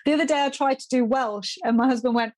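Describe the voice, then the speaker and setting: A woman's voice: high voice, fast, darkish tone, no echo. A woman in her thirties from the UK, a guest on a casual podcast, talking in a chatty, upbeat way and laughing often. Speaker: podcast guest, sex and relationship expert.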